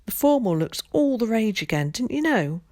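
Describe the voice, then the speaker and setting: A woman's voice: on the high side, very animated, moderate pace, dark tone, no echo, studio quality, pitched above the performer's own voice. A woman reading aloud and voicing a cheeky, joking boy cousin in a storybook, with a teasing, lifted delivery. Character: cheeky northern boy cousin, upbeat joker.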